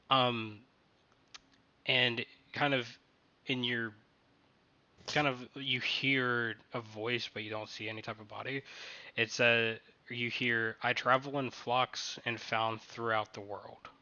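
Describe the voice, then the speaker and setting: A man running a tabletop game playtest as game master, narrating haltingly and often restarting his sentences. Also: mid-range voice, bright, forceful tone, lo-fi sound.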